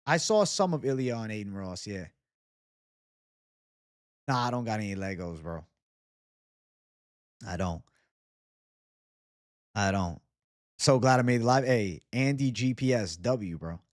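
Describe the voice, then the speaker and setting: A man's voice: mid-range voice, lively intonation, unhurried, pauses often, a little mellow, no room sound, studio quality. A young man hosting a casual livestream, reading viewer comments and talking loosely with plenty of swearing and bro-talk. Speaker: livestream host.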